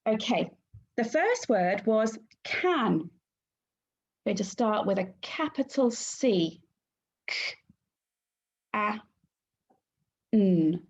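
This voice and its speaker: Woman, primary teacher, phonics lesson, unhurried, sounds out syllables, encouraging, dull lo-fi audio. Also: mid-range voice, animated. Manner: slow, clear, sounding out letters and syllables; encouraging, praising the class. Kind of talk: phonics lesson for young children.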